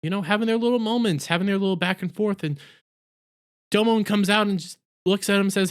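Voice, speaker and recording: A man's voice: high-pitched, fairly even intonation, quick pace, clear, resonant tone. A man casually recapping an anime episode, rambling with lots of fillers and correcting himself mid-sentence. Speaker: anime reviewer.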